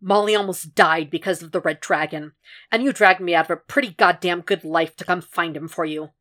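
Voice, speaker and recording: A woman podfic reader voices a tired male profiler who stays calm and stubborn under pressure, talking low, flat and dry in her own lowish voice. He lays out his plans in level, unhurried sentences. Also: natural voice.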